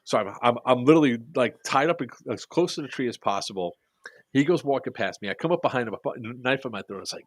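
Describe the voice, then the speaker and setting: A man telling a long story in casual podcast chat, acting out the quotes with lively voices and freely swearing. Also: medium pitch, fast talker, no echo. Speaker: airsoft podcast speaker.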